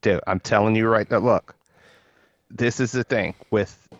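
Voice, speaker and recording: A man with a lowish voice argues his point on a casual podcast. He is emphatic and restarts his sentences a lot. His mic sounds dry and a bit muffled. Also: steady tone, measured pace, no room sound. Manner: emphatic and opinionated, stumbling restarts. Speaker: podcast co-host.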